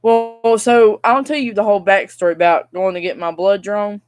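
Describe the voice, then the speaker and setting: Young adult woman, mid pitch; casual rambling vlog rant, exasperated, talks straight to viewers. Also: steady tone, moderate pace, soft background music. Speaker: vlogger.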